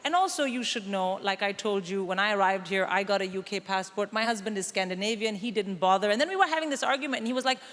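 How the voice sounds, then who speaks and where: A woman's voice: mid-range voice, quick pace, few pauses, a bit bright. Dry, punchy stand-up woman in a hall. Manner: dry, punchy storytelling to a crowd. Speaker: stand-up comedian. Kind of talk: stand-up comedy set. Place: large theatre stage. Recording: reverberant hall with audience noise.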